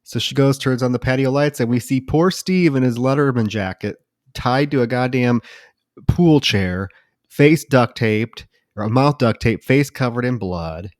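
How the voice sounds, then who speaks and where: A man's voice: medium pitch, measured pace, no echo. Male podcaster with a dry voice. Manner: recounting scenes, casual swearing. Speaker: podcast co-host. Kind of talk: casual film discussion.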